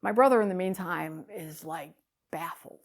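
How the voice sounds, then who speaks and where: A woman giving a talk, telling a story with animated swings between loud bursts and hushed lines. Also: lowish voice, moderate pace. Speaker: speaker.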